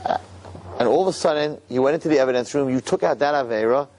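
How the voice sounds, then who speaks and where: A man giving an animated sermon, acting out scenes and repeating lines for emphasis. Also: medium pitch, fast. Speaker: religious speaker.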